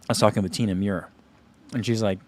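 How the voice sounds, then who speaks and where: A man's voice: lowish voice, fairly even intonation, quick pace. A man hosting a running channel, chatting casually on a livestream and answering viewer comments, rambling with lots of "like" and "you know.".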